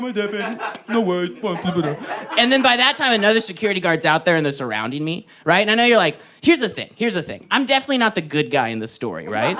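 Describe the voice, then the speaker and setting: Animated young male stand-up comic. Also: high-pitched. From Texas. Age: young adult. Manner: animated, laughing through his own story, jumps into loud put-on voices. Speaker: stand-up comedian. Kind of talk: stand-up storytelling. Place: live comedy club stage.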